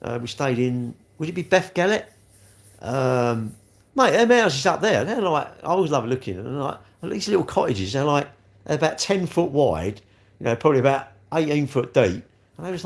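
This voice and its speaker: A man's voice: medium pitch, very animated, moderate pace. A man, chatting casually on a live stream, rambling with tag questions and calling viewers mate. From London. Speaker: livestream host. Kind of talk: casual live chat reading comments.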